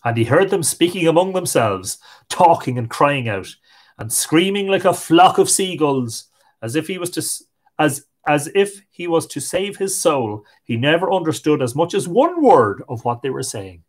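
An Irish man hosting a live stream, reading old fairy tales aloud in a lilting, expressive way. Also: fairly high pitch, normal speed. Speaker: host and storyteller.

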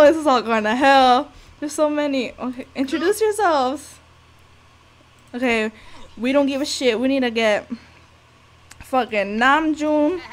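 A young woman giving casual, profane, excitable commentary over a life-sim game, scolding the characters as she plays. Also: sits high, normal speed. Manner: profane, excitable, talks to the sims. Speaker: gameplay commentator. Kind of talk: casual let's-play commentary.

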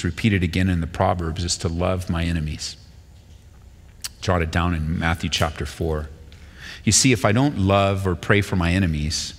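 Animated male pastor in a reverberant sanctuary. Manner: animated, voices quoted speakers with rising pitch. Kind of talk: sermon with scripture reading. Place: church sanctuary. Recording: long hall reverb.

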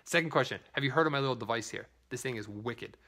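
Talking at a quick pace with a sharp tone and medium pitch, a man does a casual live product demo filmed on his phone at home. He greets viewers by name and shifts into broken Spanish.

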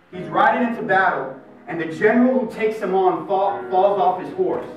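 A man's voice: high-pitched, highs cut off. Youth minister guy preaching live, slangy and fired up, big hall echo, guitar under it. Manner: energetic storytelling, street slang. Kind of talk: live motivational faith talk. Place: large hall with live audience. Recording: echoey hall, mic far off. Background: guitar music.

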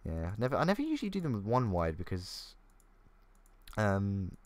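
Young gamer, low voice with bouncy intonation, self-mocking running commentary. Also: male voice, huge pitch swings, normal speed, dry recording. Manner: chatty, self-mocking, thinking aloud. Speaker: gaming YouTuber. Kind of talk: casual gameplay commentary. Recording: faint keyboard clicks.

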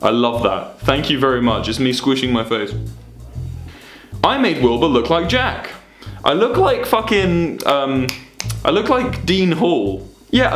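A man's voice: medium pitch, big pitch swings, moderate pace, echoey room, faint music behind. A young man streaming, reacting to fan memes in casual, sweary, mock-indignant banter.

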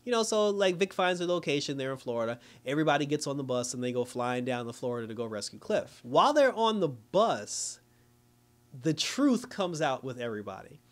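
A man's voice: medium pitch, expressive, fairly quick. A young man recapping a TV episode casually, acting out the characters' lines and laughing often. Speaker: show reviewer.

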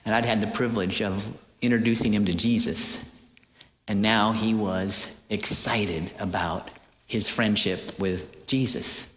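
Animated preacher in an echoey hall. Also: male voice, fairly low pitch, measured pace, a little hiss or hum. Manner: animated storytelling with hesitant fillers. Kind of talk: sermon. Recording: echoey hall with long reverb.

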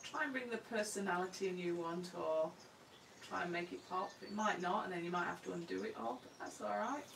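A woman's voice: lowish voice, brisk, creaky, fairly bright tone, distant mic, slight background noise. A woman artist talking through her painting live, chatty and self-deprecating, murmuring to herself as she works. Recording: roomy sound from away from the mic.

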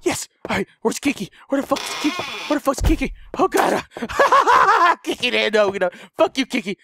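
A man commentating a horror game, jumpy and loud. He swears and laughs through his fear, his voice swinging wide in pitch. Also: lively intonation, quick pace, noisy background. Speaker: gamer commentator. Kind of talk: let's play commentary.

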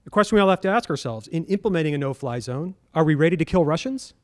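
Debate panelist guy, higher voice, earnest, lots of uh and restarts. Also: animated, fast. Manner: earnest, with frequent fillers and restarts. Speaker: debate panelist, former government official. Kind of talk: public policy debate.

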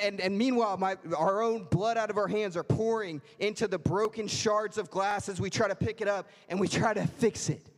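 A man's voice: sits high, fairly even intonation, normal speed, hardly any pauses. A man preaching a sermon as a pastor, telling a story and acting out voices in quotes. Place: church sanctuary. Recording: reverberant church hall.

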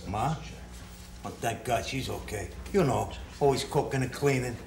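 A man acts out a bossy, hot-headed loan shark who throws insults and barks orders. His pitch sits in a middle range. The room around him is echoey. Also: normal speed, creaky, lightly acted. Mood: reflective. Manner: blustering, insulting, then soothing. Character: young male loan shark, brash, bossy, quick-tempered.

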